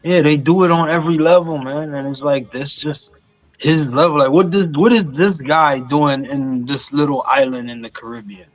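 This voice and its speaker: A man's voice: fairly high pitch, steady tone, moderate pace, no room sound, soft background music. A middle-aged man from Saint Lucia in casual podcast chat, telling stories animatedly and swearing freely. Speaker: podcast co-host.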